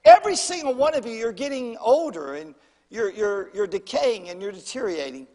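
An older man preaching a sermon as pastor, calling for amens and swinging his voice between loud and soft. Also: a little fast, in a large hall. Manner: preacherly call-and-response, animated swings in pitch and volume. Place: church sanctuary.

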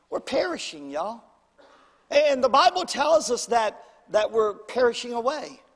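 High-voiced older preacher, echoing hall. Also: male voice. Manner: preacherly call-and-response, animated swings in pitch and volume. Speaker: pastor. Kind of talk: sermon. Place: church sanctuary.

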